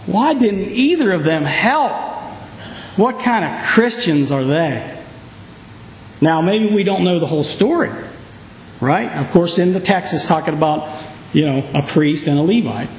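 A man preaching a sermon, telling the story with lively, acted-out reactions. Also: high voice, a little slow, long pauses, slight background noise. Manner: animated storytelling, acting out reactions. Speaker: pastor. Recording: echoey hall.

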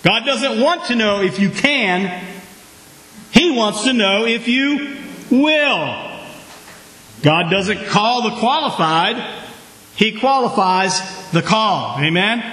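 A man preaching a sermon in a church, with call-and-response and sudden loud outbursts. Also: high voice, animated, slow, pauses often, echoey room, rough recording. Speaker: pastor.

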